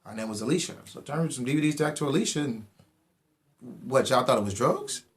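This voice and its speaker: A young man, giving a casual and animated personal testimony and acting out the dialogue. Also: mid-range voice, quick pace. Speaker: testimony speaker.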